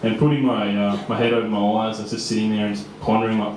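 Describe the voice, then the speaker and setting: A man's voice: on the low side, flat delivery, fast talker, hardly any pauses, darkish tone, a little hiss or hum. A young man in his twenties with an Australian accent, telling a personal story live on stage in a casual, chatty way with frequent laughs and fillers. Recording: echoey room.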